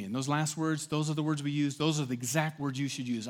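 A middle-aged man preaching a sermon with animated delivery, acting out quotes and swelling loud at key points. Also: on the high side, quick pace, few pauses. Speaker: pastor.

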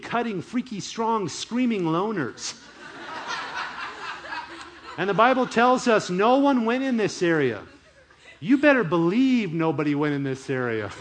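A man preaching a sermon in an animated, emphatic way. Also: sits high. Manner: animated, emphatic, chuckles often. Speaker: pastor.

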